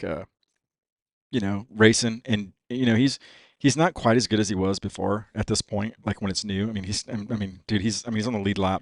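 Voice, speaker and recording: A man with a low, gravelly voice tells a story at a rambling pace, peppering it with swearing and "dude." The sound is close and dry, with no room around it. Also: dry recording. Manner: profane, rambling, heavy use of "dude" and "you know what I mean". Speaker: podcast guest. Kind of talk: casual storytelling.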